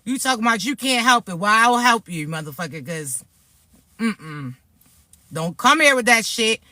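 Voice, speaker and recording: A woman's voice: a little high, expressive, normal speed, bright, forceful tone, dry recording. A woman spiritual reader talking straight to her followers in a vlog, blunt and streetwise, swearing freely as she warns off enemies. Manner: blunt, profane, fired-up warnings; talks hard and streetwise. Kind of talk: direct-to-camera spiritual vlog.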